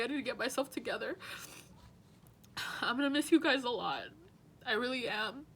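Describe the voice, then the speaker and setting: A woman's voice: fairly high pitch, animated, moderate pace, long pauses, a bit bright, breathy edge. A young woman working as a teaching assistant gives a heartfelt farewell message to her students, rambling earnestly with many fillers.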